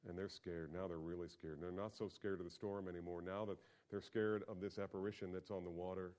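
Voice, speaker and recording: A man preaching a sermon as pastor, talking conversationally and swinging from quiet asides to loud, emphatic peaks. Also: low voice, little pitch movement, brisk.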